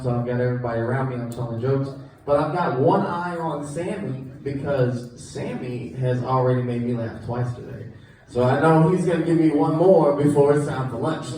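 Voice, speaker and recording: A man's voice: fairly high pitch, darkish tone, a little hiss or hum. A man doing a stand-up set on a comedy club stage, swearing freely and laughing at his own jokes. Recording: very echoey club recorded from a distance.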